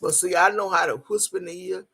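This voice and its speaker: A woman's voice: on the low side, fast talker, creaky, sharp tone, breathy edge. A woman hosting a livestream, talking brashly and profanely, boasting and laughing often as she greets her chat. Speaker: livestream host.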